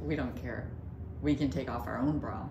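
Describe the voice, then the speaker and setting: A woman's voice: rumbling low, normal speed. A woman co-hosting a podcast, teasing and laughing in casual chat. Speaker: podcast co-host. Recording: echoey room with audible hiss.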